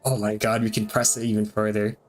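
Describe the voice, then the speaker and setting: A man streaming a game, reading its dialogue aloud between quick reactions and frequent laughs. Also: lowish voice, flat delivery, soft background music. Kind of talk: let's-play commentary reading game text aloud.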